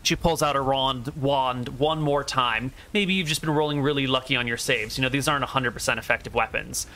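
A man's voice: medium pitch, brisk, pushed and bright. A man narrating a tabletop game as game master, with a dry, teasing manner.

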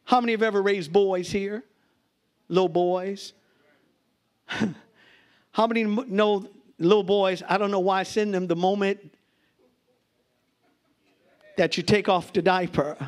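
High-voiced preaching pastor, shouting. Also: male voice, steady tone, a little slow, pauses often, smooth. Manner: preaching with shouted peaks and laughter, talks to the congregation. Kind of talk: sermon. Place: church before a congregation.

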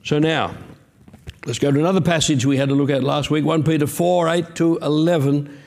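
A man's voice: fairly high pitch, steady tone, brisk, gravelly, a little mellow. A man preaching a sermon as pastor, earnest and emphatic, with conversational asides.

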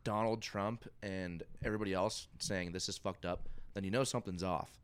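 A man's voice: sits low, fairly even intonation, normal speed, smooth. A man in casual podcast chat, laid-back and rambling, swearing as he talks.

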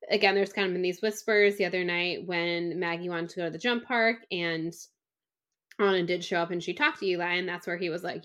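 A woman's voice: mid-range voice, a bit bright. A woman co-hosting a casual book podcast, making playful asides and laughing often. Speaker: podcast co-host. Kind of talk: casual book-club chat.

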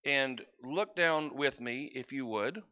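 A man's voice: mid-range voice, slow, bright, forceful tone, clean tone. A man preaching as a pastor, reading scripture and praying in a conversational way, now and then losing his place and asking the congregation for help. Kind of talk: sermon with scripture reading and prayer. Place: church sanctuary.

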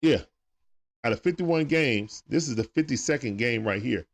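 A man's voice: mid-range voice, animated, normal speed, creaky. A young man hosting a live stream, chatting casually with viewers and reading their comments in a laid-back, slangy way.

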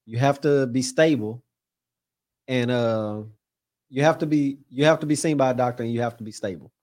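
A man's voice: medium pitch, moderate pace, a little mellow. Podcast co-host: a young man with a mid-range voice, casual and loose, cusses freely. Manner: laid-back, swears a lot, laughs mid-sentence.

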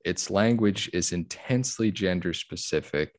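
Low-voiced laid-back man reading news. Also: moderate pace, dry recording, studio quality. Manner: laid-back, giggly, many fillers. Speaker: podcast co-host. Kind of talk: casual chat, reading a news article aloud.

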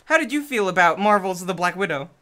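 Teasing co-host, animated pitch, bright tone. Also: fast. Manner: playful, teasing, giggly. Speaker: podcast co-host. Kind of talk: casual chat.

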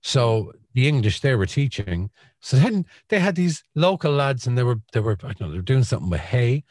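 A man's voice: mid-range voice, big pitch swings, fairly quick, a little mellow, dry recording, studio quality. A man with a Cork Irish accent, hosting a podcast in a casual chatty way and telling stories with laughs. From Ireland. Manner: chatty storyteller, laughs along. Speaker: podcast host. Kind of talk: casual chat.

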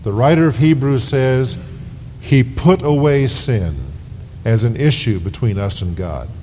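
A man preaching a sermon as pastor, slow and deliberate, leaning hard on key words. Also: lively intonation, warm tone. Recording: 1990s sermon tape with long reverb and faint rumble.

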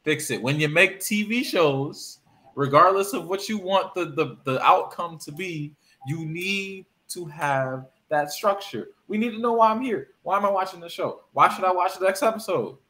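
Man, podcast co-host, emphatic and animated, slightly high voice, casual talk. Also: normal speed. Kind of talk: casual chat.

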